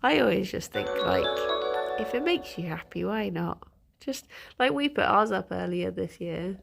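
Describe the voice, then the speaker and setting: A woman's voice: mid-range voice, big pitch swings, moderate pace, creaky, music in the background. A woman streamer chatting casually on a live stream, congested from a cold, reading out chat messages and laughing often.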